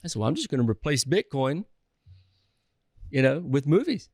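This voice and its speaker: A man's voice: on the high side, normal speed, breathy edge, no echo, studio quality. Southern man telling rambling stories. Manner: energetic, rambling with restarts and filler. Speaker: guest, real estate investor. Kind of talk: casual interview storytelling.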